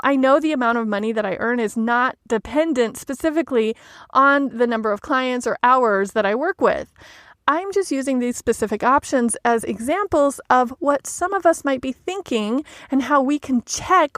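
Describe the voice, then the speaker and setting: High-voiced woman coaching in a dry booth. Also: no echo. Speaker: life coach podcast host. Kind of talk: solo podcast talk.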